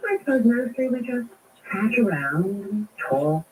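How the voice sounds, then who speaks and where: A woman's voice: mid-range voice, animated, measured pace, a little mellow, lightly acted. An actress playing a breezy, flippant young English woman in an old radio drama, light and chatty. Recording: old radio broadcast, distant mic, hiss.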